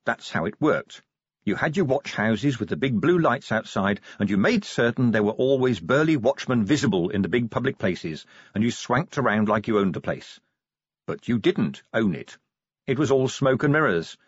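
A man narrating an audiobook with an expressive, varied delivery. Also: medium pitch, husky, no room sound. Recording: dull, muffled dry recording.

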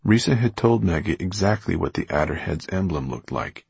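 Man, audiobook narrator, expressive, deep, husky, gravelly. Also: normal speed, dry recording. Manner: expressive storytelling. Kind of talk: scripted narration.

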